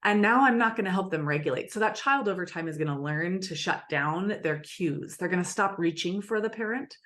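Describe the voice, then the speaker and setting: Low-voiced woman explaining attachment earnestly. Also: expressive, brisk, fairly bright tone. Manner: earnest, explains with acted examples. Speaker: attachment expert guest. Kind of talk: explanatory interview talk.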